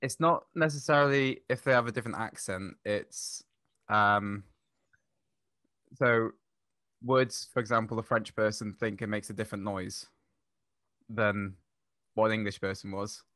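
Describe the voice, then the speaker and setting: Bright, dry-sounding male guest. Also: on the low side, steady tone, measured pace, long pauses, dry recording. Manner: explains patiently, with examples. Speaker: podcast guest. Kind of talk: casual podcast chat.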